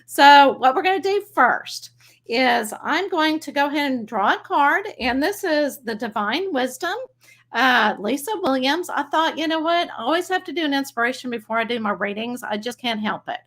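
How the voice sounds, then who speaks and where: Woman, Texas accent, slightly high voice, bubbly, chatty livestream host. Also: lively intonation, moderate pace, a bit bright. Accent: Texan. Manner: bubbly, chatty, laughs easily. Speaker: psychic medium livestream host. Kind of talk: casual livestream chat.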